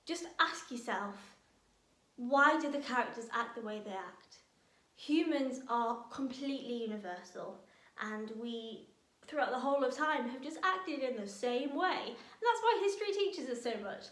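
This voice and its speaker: A woman with a fairly high voice leads a drama workshop, talking teenagers through a speech in a lively, chatty way. Her voice rings a little in a roomy space. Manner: lively, chatty explainer who laughs now and then. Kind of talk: online lesson for teenagers. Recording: roomy echo.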